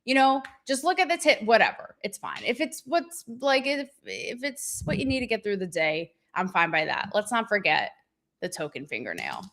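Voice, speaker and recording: A woman hosting her show, talking candidly in a profane, animated, rambling and self-mocking way. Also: medium pitch, moderate pace. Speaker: show host. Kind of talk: candid livestream monologue.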